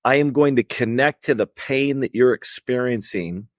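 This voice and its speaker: A man's voice: medium pitch, moderate pace, no room sound, studio quality. A man hosting a casual faith conversation over a video call, reflective and questioning, stumbling over restarts. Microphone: computer microphone on a video call.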